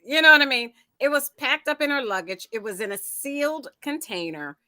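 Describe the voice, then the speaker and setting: A woman's voice: high-pitched, expressive, brisk, sharp tone. A woman hosting a talk panel, speaking directly and steering the discussion. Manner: direct, moderating. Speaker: host. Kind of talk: casual chat.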